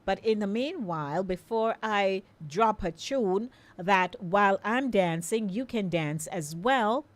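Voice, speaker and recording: A woman's voice: medium pitch, expressive, takes it slowly, few pauses. A middle-aged Jamaican woman hosting a live call-in radio show, chatting in a coaxing, friendly way and inviting listeners to phone in.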